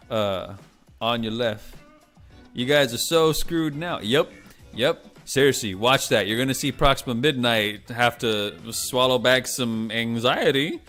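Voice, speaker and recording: A man hosting a casual live stream, rambling in an animated way with lots of restarts and the odd swear word. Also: medium pitch, moderate pace, soft background music. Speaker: livestream host.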